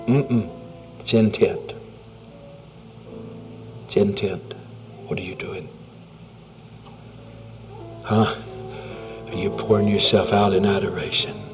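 A man preaching a sermon in an earnest, conversational way, often dropping to a hushed near-whisper. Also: on the low side. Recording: dull lo-fi recording with faint music.

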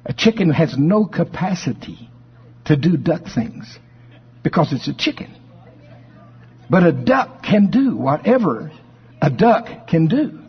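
A male preacher giving a sermon and telling a folksy story in an animated way. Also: on the high side, unhurried, long pauses, breathy edge. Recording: dull sound with long hall reverb.

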